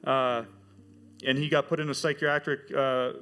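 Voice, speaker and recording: A middle-aged man telling his church testimony as a teacher, with animated storytelling. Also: mid-range voice, unhurried, clean tone. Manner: animated storytelling, acts out quoted voices. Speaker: high school teacher giving a testimony.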